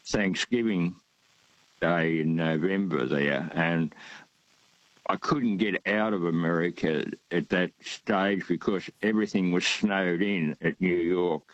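A man's voice: deep voice, takes it slowly, dry recording, muffled recording. An older man, calling in to a radio talk show and rambling with many fillers and hesitations. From Australia. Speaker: radio caller. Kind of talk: casual phone-in chat.

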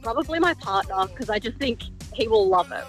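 A woman from Sydney calling in to a radio show, chatty and excited. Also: on the high side, brisk, soft background music. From Sydney, Australia. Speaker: radio caller. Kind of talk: phone-in chat.

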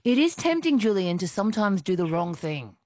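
A woman's voice: mid-range voice, big pitch swings, brisk, a little mellow, dry recording, clean studio sound. An Australian woman hosting a call-in radio quiz, chatty and friendly. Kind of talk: casual radio chat.

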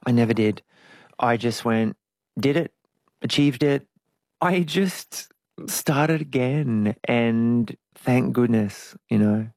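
A man's voice: medium pitch, slow, darkish tone, no room sound. A middle-aged man, a guest musician, telling his story candidly in an interview and acting out his own past voices. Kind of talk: conversational interview.

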